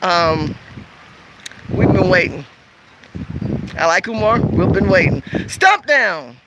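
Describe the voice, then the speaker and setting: A California woman hosts a casual livestream, speaking straight to her viewers as she reads their comments, emphatic and repetitive. Her voice is fairly low, slow and sing-song, and the audio is very noisy.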